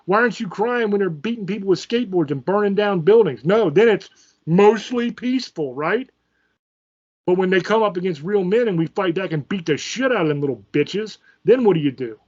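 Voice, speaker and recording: A man's voice: high voice, lively intonation, brisk, a little mellow, muffled recording. A man from Virginia, hosting his channel in an angry, profane political rant. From Virginia, USA. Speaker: channel host. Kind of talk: ranting political commentary.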